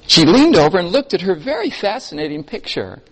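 A man preaching from the front of a church, his slightly higher voice rising and falling in lively swings. He tells stories with emphasis, then drops softer for effect. The sound carries a long hall reverb. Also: brisk. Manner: expressive storytelling, shifting between emphatic and soft. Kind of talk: sermon.

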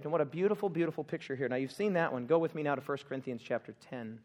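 A man preaching a sermon in a church, animated and humorous, calling out questions for the congregation to answer. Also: a little high, rapid-fire. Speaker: pastor.

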